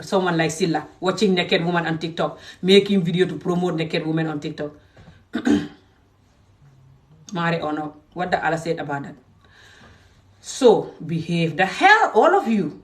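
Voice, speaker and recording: A woman from Gambia giving an angry, emphatic rant to her followers, swinging between loud outbursts and low muttering. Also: moderate pace, recorded from a distance. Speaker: social media creator. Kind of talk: angry direct-to-camera rant.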